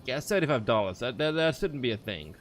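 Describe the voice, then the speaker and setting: A man with an animated mid-range voice talks quickly over soft background music while streaming a game. His off-the-cuff commentary rambles, turns profane, and shows he gets exasperated easily.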